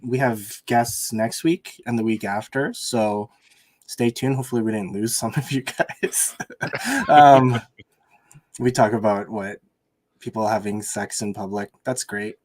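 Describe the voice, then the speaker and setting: A man's voice: fairly low pitch, steady tone, unhurried, a little mellow. A man hosting a casual podcast, upbeat and chatty as he thanks listeners. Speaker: podcast host. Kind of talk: casual chat.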